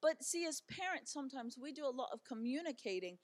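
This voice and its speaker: A woman's voice: high-pitched, expressive, a little fast. A middle-aged woman giving an encouraging talk as a guest speaker, telling stories in a chatty way with fillers and light humor.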